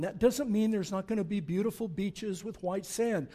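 A man in his sixties delivers a sermon in a fairly high yet mellow voice. He drives his main points with loud emphasis, then falls back into quiet, reflective asides. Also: normal speed, few pauses. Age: 60s. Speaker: pastor.

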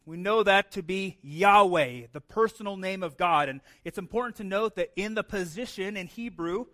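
Guy w a high voice giving a sermon, chatty, keeps saying "right?". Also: normal speed, bright, forceful tone. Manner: conversational, frequent "right?" asides and repeated words. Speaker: pastor.

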